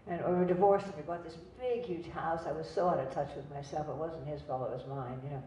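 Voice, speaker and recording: An older actress tells chatty, digressive stories before an audience at a cinema, laughing at her own jokes. Her low, dark voice holds a steady tone at a fast pace. The distant, roomy lo-fi venue recording carries a little hiss or hum.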